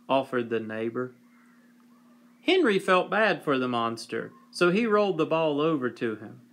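A man reading a whimsical children's story aloud with a slow, wry delivery, sometimes clearing his throat. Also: medium pitch, animated, a bit bright.

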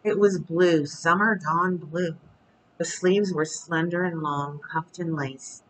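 A storyteller reading a chapter book aloud at bedtime in a calm, steady voice. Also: medium pitch, slow pace, a little hiss or hum, low-quality recording.

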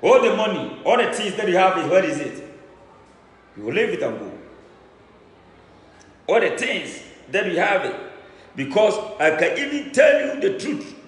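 A man with a Ghanaian accent, a traditional priest boasting in fiery declamation, swinging between shouts and low mutters and repeating his phrases. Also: very animated, normal speed, pauses often. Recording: echoey room with long reverb.

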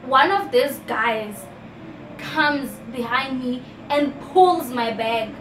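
A young woman with a South African accent recounts a story for her vlog in an animated, chatty way. Her voice sits high. She is a little distant from the mic in an echoey room, with faint background noise. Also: takes it slowly. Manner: animated storytelling, often addresses viewers as "guys". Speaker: vlogger.

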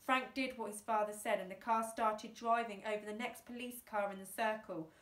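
A woman teacher reading a children's book aloud, lively and acting out the characters. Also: moderate pace. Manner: lively, voices characters with big pitch jumps. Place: classroom or home, self-filmed. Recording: echoey room.

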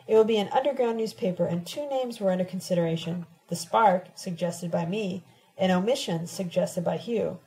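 Woman reading a smug young activist guy, self-satisfied and proclaiming, mellow audiobook voice. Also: lowish voice, moderate pace, close to an everyday voice, low-quality recording.

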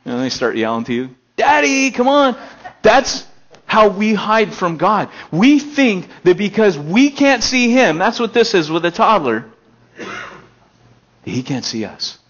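A male pastor preaching a conversational sermon, moving between emphatic raised passages and low, quiet stretches. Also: sing-song, measured pace, lo-fi sound. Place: elementary school meeting hall.

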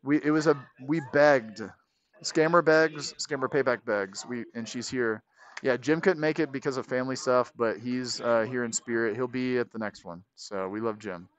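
A man chatting on a livestream, excited and repeating himself. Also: mid-range voice, moderate pace. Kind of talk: casual livestream chat. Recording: muffled lo-fi stream audio.

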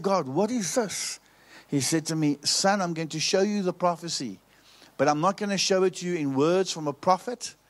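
Preacher with a raised voice. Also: male voice, on the high side. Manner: storytelling preacher, repeats phrases for emphasis. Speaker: pastor. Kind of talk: preaching sermon.

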